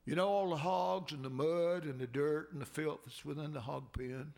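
A preacher voicing gentle old Mose. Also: male voice, a little high, steady tone, normal speed, gravelly. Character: old enslaved man, gentle and devout. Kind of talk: sermon storytelling.

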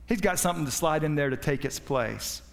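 A man preaching a sermon with passion, his voice swinging between loud high peaks and low quiet stretches. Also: lively intonation, brisk, gravelly, long reverb tail. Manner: impassioned, rising and falling in pitch and volume.

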